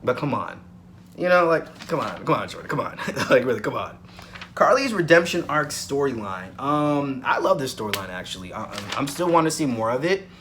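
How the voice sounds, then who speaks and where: A man's voice: mid-range voice, sing-song, a little fast, fairly bright tone, slight background noise. A man giving a casual weekly soap opera review, rambling with frequent "um"s and repeating points for emphasis.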